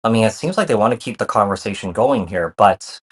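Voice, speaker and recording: His voice is fairly low, expressive and slightly rough, and he talks briskly while doing a casual tarot reading for viewers. Reassuring throughout, he repeats phrases and uses plenty of fillers such as "you know" and "kinda."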